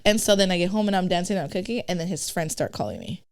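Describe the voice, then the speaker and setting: A woman's voice: fairly low pitch, very fast. A woman guest on a podcast, telling a blunt, profane story in casual chat and acting out who said what. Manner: blunt, profane, animated retelling of conversations.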